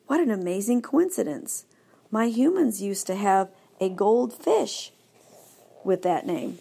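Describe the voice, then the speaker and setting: A woman narrating a children's story in first person, lively and expressive. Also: medium pitch, a little slow, vocal fry. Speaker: audiobook narrator.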